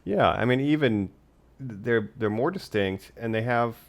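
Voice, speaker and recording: A man's voice: mid-range voice, expressive, unhurried. A man co-hosting a podcast in casual chat, dry and wry. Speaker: podcast co-host.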